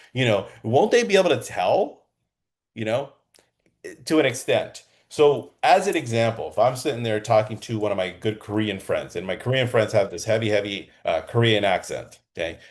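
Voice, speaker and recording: A man with a fairly low voice teaches real estate agents in a loose, energetic lesson. He talks like he is chatting with the room and keeps tossing in a quick "okay?" to check that the point landed. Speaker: real estate sales coach. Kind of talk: coaching lesson. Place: Southern California.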